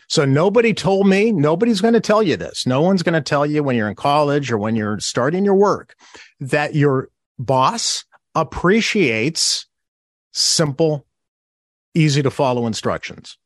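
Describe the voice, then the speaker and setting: A man's voice: a little high, measured pace, no echo. Author guy on a podcast, bouncy up-and-down voice, dry close sound, really stresses his points. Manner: animated, emphatic explainer who acts out quoted phrases. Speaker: author and interview guest. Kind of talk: podcast interview.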